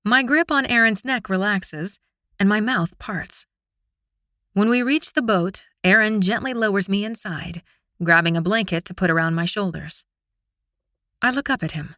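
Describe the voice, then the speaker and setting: Female audiobook narrator, expressive and close-miked, dry sound. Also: medium pitch, normal speed, no echo. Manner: expressive, intimate storytelling. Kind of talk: first-person fantasy audiobook narration.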